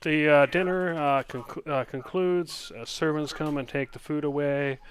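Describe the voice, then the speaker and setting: Relaxed man running a tabletop game. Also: fairly high pitch, moderate pace. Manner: relaxed, filler-heavy narration. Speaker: game master.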